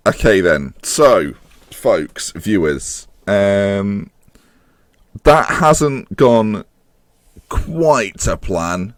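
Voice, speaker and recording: A young gaming commentator with a low voice that swings widely in pitch. He talks into a close, dry microphone, animated and swearing at the screen. His tone stays informal throughout. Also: very slow, dry recording. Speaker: gaming YouTuber. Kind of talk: gameplay commentary.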